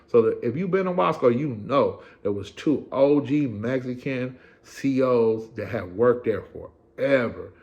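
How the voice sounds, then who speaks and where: Gravelly man telling a street story. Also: mid-range voice, unhurried, few pauses, highs cut off. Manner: streetwise, profane, animated retelling with quoted voices. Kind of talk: casual storytelling.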